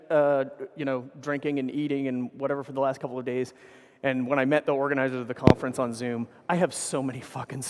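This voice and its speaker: A man with a medium-pitched voice gives a conference keynote into a stage microphone, with a long reverb tail. He tells rambling anecdotes packed with swearing and self-corrections.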